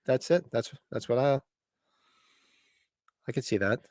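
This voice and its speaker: A man's voice: medium pitch, unhurried, no echo. Middle aged podcast guy rambling, voice all over the place, dry close sound. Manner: animated, laughing, trails into tangents. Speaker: podcast co-host. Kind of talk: casual chat.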